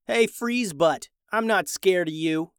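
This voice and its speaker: Man playing a young ninja brother, high and cheeky, quick and bold. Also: very animated, dry recording, studio quality. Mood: taunting.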